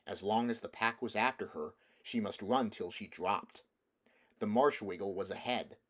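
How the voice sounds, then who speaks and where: A man narrating a children's fantasy novel aloud in a steady, measured reading voice, now and then restarting a phrase. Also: on the low side. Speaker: audiobook reader. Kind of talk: storybook narration.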